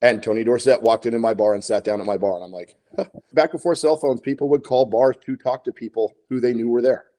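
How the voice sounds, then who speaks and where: A man's voice: medium pitch, fairly even intonation, fairly quick, dark tone. A man co-hosting a podcast, casually telling bar stories and acting out phone calls. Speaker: podcast co-host, bartender. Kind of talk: casual storytelling chat.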